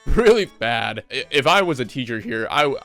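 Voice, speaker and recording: A young man casually recapping a horror movie, animated and swearing a lot. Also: medium pitch, moderate pace, soft background music. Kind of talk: profane comedic movie recap.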